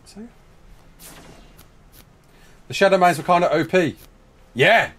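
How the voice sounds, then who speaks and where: Answering questions from viewers on a live stream, this man from the United Kingdom laughs a lot and calls people mate in a relaxed British chat. His high-pitched voice is expressive and fairly bright, at a measured pace.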